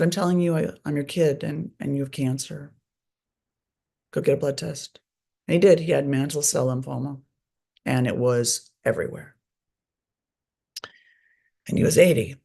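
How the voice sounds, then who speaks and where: Middle-aged woman, gravelly fry in the voice, blunt, candid, swears freely, conversational storytelling. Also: sits low, dark tone. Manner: blunt and profane, speaks openly. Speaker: guest author and recovery advocate.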